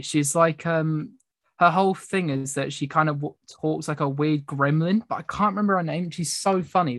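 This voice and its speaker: A woman's voice: deep voice, dry recording, studio quality. A young woman hosting a podcast, telling rambling, giggly stories in casual chat. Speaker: podcast host.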